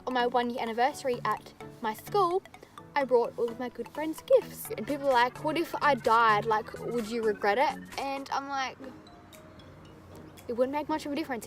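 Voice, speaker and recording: A woman's voice: on the high side, fairly bright tone. A young woman, chatting candidly to camera in a rambling vlog. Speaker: vlogger. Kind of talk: casual chat to camera.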